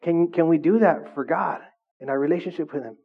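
A male pastor delivers a conversational sermon, repeatedly checking in with his congregation. His voice is a little high, fairly quick, and slightly rough with vocal fry, heard through a dull lo-fi recording.

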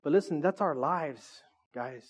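A man's voice: a little high, a little slow, breathy edge. A man preaching a casual, joking sermon, teasing his audience and asking them questions.

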